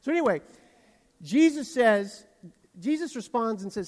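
A man with a Southern US accent preaching a sermon as pastor, telling stories in an animated way with self-deprecating asides. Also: high voice, moderate pace. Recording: long hall reverb.

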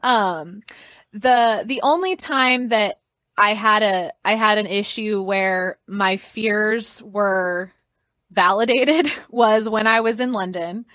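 A young woman telling a personal story as a podcast guest, chatty and expressive, laughing often and filling her sentences with "like" and "um". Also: medium pitch, slow pace, no echo.

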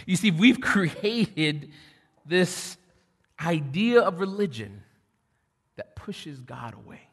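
Pastor preaching in a reverberant hall. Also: male voice, a little high, very animated, slow pace, slightly rough. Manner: swings from loud preaching to quiet storytelling. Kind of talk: sermon.

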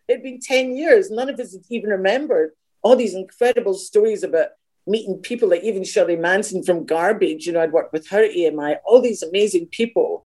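A middle-aged Scottish woman, a singer, telling animated anecdotes as a guest, acting out other people's voices and swearing freely. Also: mid-range voice. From Scotland.

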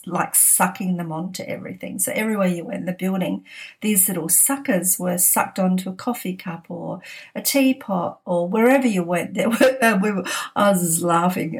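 A woman's voice: lowish voice, darkish tone. A middle-aged woman hosting a podcast, telling workplace anecdotes in a casual, chatty way and laughing often. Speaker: podcast host.

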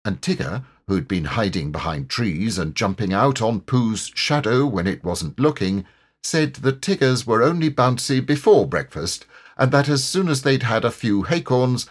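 A man narrating a children's storybook audiobook in an expressive, measured way. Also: medium pitch, slightly rough. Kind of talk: storybook reading.

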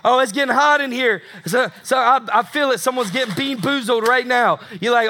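A man's voice: very high voice, fairly quick, hardly any pauses, pushed and bright. A man preaching a sermon as pastor, emphatic, repeating phrases for effect and acting out the voices of people in the story.

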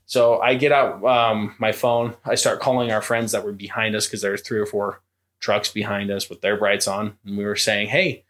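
A young man, a podcast co-host, tells a ghost story during a relaxed chat in a fairly low voice at normal speed. With lively emphasis, he acts out each quoted voice and the creaking steps as casual storytelling.

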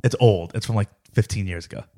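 A man's voice: fairly low pitch, fast, warm tone. A man co-hosting a podcast in casual banter, teasing and swearing freely, into a studio mic. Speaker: podcast co-host.

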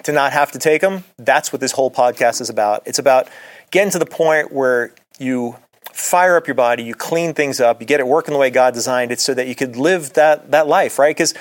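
A middle-aged man hosts his own podcast as a doctor, talking straight to the listener in a loose, chatty monologue. His voice sits at an ordinary middle pitch. He tells stories with an earnest, friendly push. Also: brisk. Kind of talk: casual solo podcast monologue.

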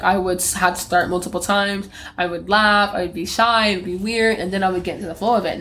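A woman's voice: fairly low pitch, a little hiss or hum. A young woman hosting her own podcast, chatting casually on her own in a rambling, self-mocking way with frequent laughs. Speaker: podcast host. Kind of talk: casual solo podcast chat.

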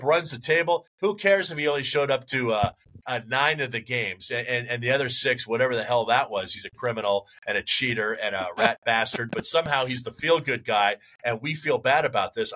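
Male podcast co-host, bright and forceful voice, rambling sports rant with mock outrage. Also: mid-range voice, poor audio. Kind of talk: casual sports chat.

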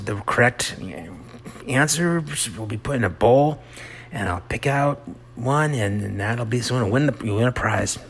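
A middle-aged man hosting a rambling personal monologue, halting and self-mocking, often dropping into soft whispered asides. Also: lowish voice, vocal fry, a little hiss or hum. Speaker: monologue host.

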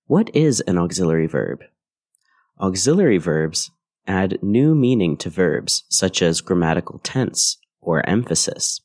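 A man with a low, deep voice teaches English grammar on a podcast. He reads his scripted lesson in a clear, measured way. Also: sing-song, darkish tone. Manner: clear, measured explanatory delivery.

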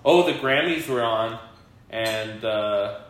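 A man hosting a podcast, chatting casually at a slow pace, rambling with lots of fillers and laughing often. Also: fairly low pitch. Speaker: podcast host. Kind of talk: casual chat. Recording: very echoey room, faint hiss.

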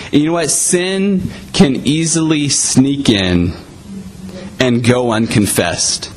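A man's voice: medium pitch, slow pace, slight background noise, poor audio. A man preaching a sermon in a conversational way, often saying "you know".

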